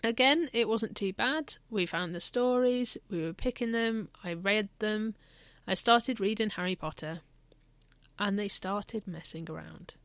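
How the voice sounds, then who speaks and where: Candid mother with a gravelly voice. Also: mid-range voice, unhurried, fairly bright tone, no room sound. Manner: candid, reflective storytelling. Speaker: parent. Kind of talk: personal parenting vlog.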